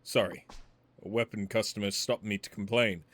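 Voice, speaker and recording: A man's voice: fairly low pitch, steady tone, normal speed, a bit bright, voice pushed down. A man voicing a meek, apologetic young errand man in a video game, sounding hesitant. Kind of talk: reading game dialogue aloud.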